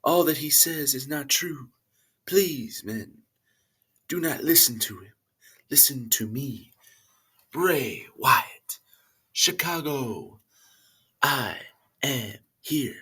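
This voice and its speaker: A man voicing an eerie male cult-leader wrestler, preaching slowly in a breathy whisper. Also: mid-range voice, animated, sharp tone, full character voice. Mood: ominous. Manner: slow, ominous preaching. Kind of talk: impression within a wrestling review.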